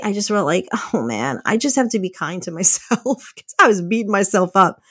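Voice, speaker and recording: A woman's voice: mid-range voice, breathy edge, no echo, clean studio sound. A woman in her thirties hosting a podcast, talking candidly and chattily to listeners and laughing often as she goes. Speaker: podcast host. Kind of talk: casual motivational talk.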